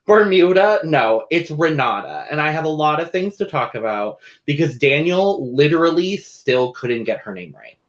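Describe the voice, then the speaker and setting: A man co-hosting a casual recap show, chatty and animated, with playful asides. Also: fairly high pitch, moderate pace, few pauses. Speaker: podcast co-host. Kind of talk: casual chat. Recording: dull lo-fi audio.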